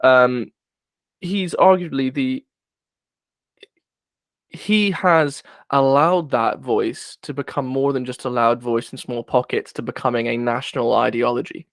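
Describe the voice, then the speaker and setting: A man's voice: medium pitch, fairly even intonation, a little slow, no echo. A man co-hosting a casual political podcast, rambling and searching for words with frequent restarts. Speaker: podcast co-host.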